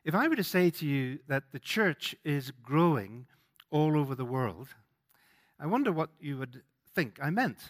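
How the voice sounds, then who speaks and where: A man's voice: a little high, big pitch swings, moderate pace. A man with a Northern Irish accent, giving a sermon as a guest preacher in a conversational way, with frequent fillers and restarts. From Northern Ireland.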